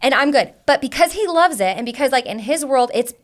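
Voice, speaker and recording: A woman's voice: sits high, lively intonation. A young woman and relationship coach, telling a candid personal story with lots of "like" fillers. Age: young adult. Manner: rapid, filler-heavy with frequent "like".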